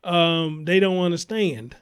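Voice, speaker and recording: Smooth and slow, this talk show host's voice sits at a fairly high pitch. He greets the viewers of his live-stream commentary show bluntly and heatedly, swearing heavily throughout.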